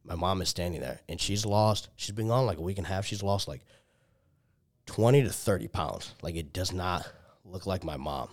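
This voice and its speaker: In a deep voice at normal speed, a young man tells a lengthy personal story in casual chat. His talk is packed with "like" and swearing, with restarts and frequent acted-out quotes of what people said.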